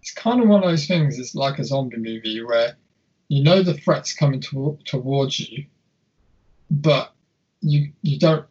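A man's voice: mid-range voice, unhurried, a little mellow, husky, highs cut off. A young man co-hosting a casual film chat, rambling and swearing freely with many restarts. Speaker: podcast co-host.

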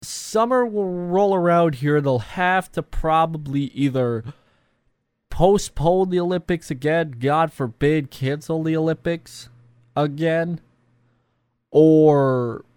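A man's voice: fairly high pitch, takes it slowly, darkish tone, smooth, no echo. A young man vlogging casually, rambling and self-deprecating with lots of fillers. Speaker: YouTuber. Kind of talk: casual vlog talk.

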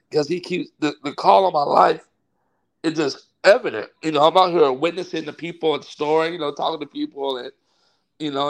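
A Baptist pastor from California telling a personal story in a rambling, heartfelt way, full of fillers. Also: male voice, fairly high pitch, vocal fry. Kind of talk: casual interview storytelling.

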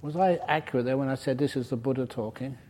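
A man's voice: medium pitch, fast, a little mellow. A man giving a dharma talk to a retreat group as their meditation teacher, humorous and digressive, breaking off to joke. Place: retreat centre meditation hall.

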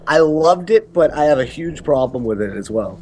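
Podcast co-host, male, lively and profane, slightly high-pitched. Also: normal speed, slight background noise. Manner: swearing, animated, laughs often. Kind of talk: casual chat.

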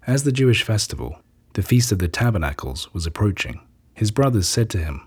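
A man giving a steady scripted scripture reading in a husky voice. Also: fairly low pitch, a little fast. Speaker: reader.

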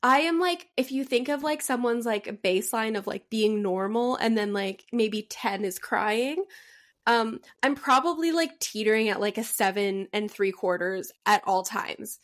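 Earnest, rambling higher-voiced woman. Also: animated, a little slow. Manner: earnest, emotional, rambling with many "like"s. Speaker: podcast co-host. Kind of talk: casual chat.

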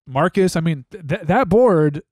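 A man in casual chat, talking in a laid-back, halting way with many fillers. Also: fairly high pitch, darkish tone, no room sound, studio quality.

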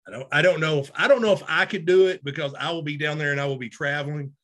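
A man, co-hosting a podcast in casual chat, animated and self-mocking. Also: a little high, quick pace. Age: 30s. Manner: animated, loud, self-mocking, laughs often. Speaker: podcast co-host.

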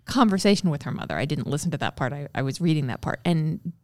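A woman's voice: low voice, animated, fast, no echo, clean studio sound. A woman in casual book-club chat who acts out quoted lines and laughs often. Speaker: book club podcast host.

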